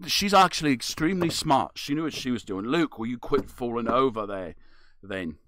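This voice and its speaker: A man's voice: mid-range voice, lively intonation, moderate pace, fairly bright tone, no echo. A man co-hosting a podcast, in casual, joking banter, often laughing. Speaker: podcast co-host.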